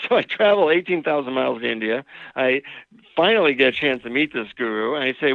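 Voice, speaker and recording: Gravelly man on a tinny phone line. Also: mid-range voice, a little fast, no room sound. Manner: relaxed anecdotal storyteller. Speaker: guest, author and marriage and family therapist. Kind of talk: interview with storytelling.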